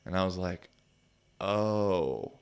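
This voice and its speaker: Low-voiced young man, rambling and profane. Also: fairly even intonation, a little slow. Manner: profane, rambling, full of fillers. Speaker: podcast host and football player. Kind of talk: casual storytelling on a podcast.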